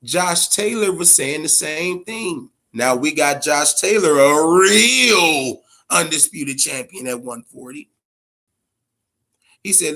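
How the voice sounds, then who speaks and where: A man hosting a boxing commentary vlog, ranting casually in a profane, blunt, animated way. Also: fairly high pitch, takes it slowly. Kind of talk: casual opinion rant.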